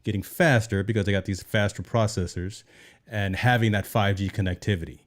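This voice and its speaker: A man hosting a tech show talks conversationally, explaining as he goes and repeatedly checking in with "right?". His voice is fairly low, a little fast, with fairly even intonation.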